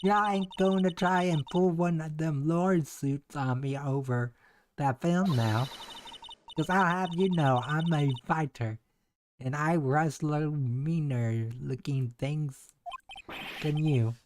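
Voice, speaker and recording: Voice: mid-range voice, slow pace, a little mellow, slight background noise, lightly acted. A streamer voicing a folksy, brash young woman photographer with a drawl while reading game dialogue aloud. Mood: defiant. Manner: drawling, boastful, chatty.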